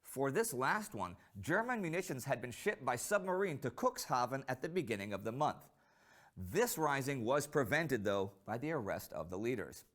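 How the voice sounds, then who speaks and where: A man giving scripted narration for a history documentary series, measured and storytelling, rising for quoted lines. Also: medium pitch, sing-song. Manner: measured storytelling delivery, rises for quoted speech.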